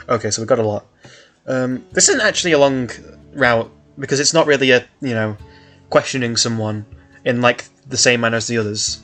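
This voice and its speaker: A man reads a story aloud in a casual, chatty way, breaking off often to add his own comments. His voice is bright and forward, with faint music playing in the background. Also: medium pitch, fast talker. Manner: chatty, laughs often, comments between passages. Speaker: reader of an online story.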